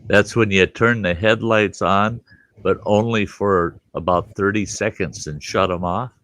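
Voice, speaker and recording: Casting: male host, low and unhurried, salty joking manner. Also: a bit bright, no echo. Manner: laid-back, salty, joking. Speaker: host of the livestream. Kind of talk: casual chat.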